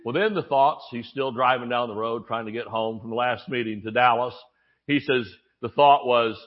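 At a moderate pace in a mid-range voice, the preacher spins stories, does voices, and jokes his way through the sermon with animation. The recording sounds dull and lo-fi.

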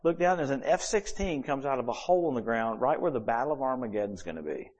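A man preaching a sermon as the pastor, telling stories in a lively, animated way with big swings in pitch and volume. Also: fast, dull audio.

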